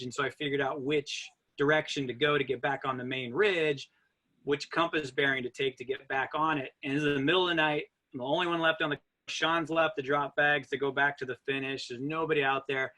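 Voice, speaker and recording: A man in an interview telling a story in an animated way, acting out his own thoughts as he goes. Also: on the high side, moderate pace. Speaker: guest runner.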